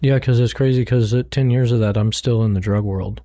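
A man's voice: medium pitch, fairly even intonation, fairly quick, dark tone, dry recording, studio quality. A middle-aged man telling his story in an earnest, frank way, often repeating words as he searches for them. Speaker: guest, former drug dealer turned ministry worker. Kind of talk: candid testimony in conversation.

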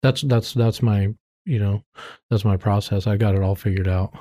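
A man's voice: fairly low pitch, steady tone, normal speed, warm tone. A middle-aged man telling his life story in a candid, heartfelt interview, rambling and restarting as he speaks with plain faith. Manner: earnest, rambling with restarts and self-quotes. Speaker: interview guest sharing his testimony.

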